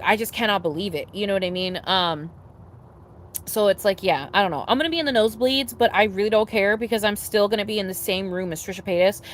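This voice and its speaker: Young adult woman, casual livestream chatter, mid-pitched, rambly and profane, faint vehicle noise behind. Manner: rambling, swears often, many fillers and restarts; animated, laughing and excitable. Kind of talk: casual chat to a live audience.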